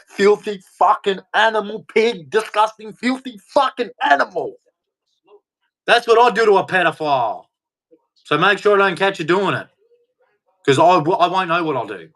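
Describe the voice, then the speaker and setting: A man's voice: high-pitched, lively intonation, moderate pace, a bit bright. A man delivering an angry, heated rant, swearing and speaking with hard emphasis. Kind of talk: angry ranting monologue.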